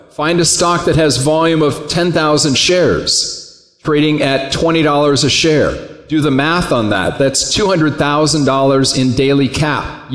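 A man teaching a trading class in a conversational way, often putting questions to the room. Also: on the high side. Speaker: trading instructor. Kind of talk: classroom lecture. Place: classroom or lecture hall. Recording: echoey hall with long reverb.

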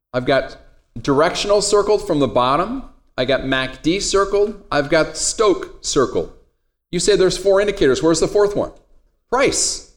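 A man teaching a trading class in a classroom, casual and joking as he talks straight to his students. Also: on the high side. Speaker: trading instructor. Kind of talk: classroom lecture.

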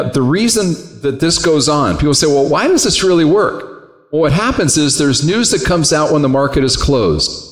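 A man's voice: a little high, fairly bright tone. Guy teaching a trading class, chatty, keeps asking the room stuff, big echoey hall. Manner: conversational, asks the class questions. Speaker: trading instructor. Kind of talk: classroom lecture. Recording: echoey hall with long reverb.

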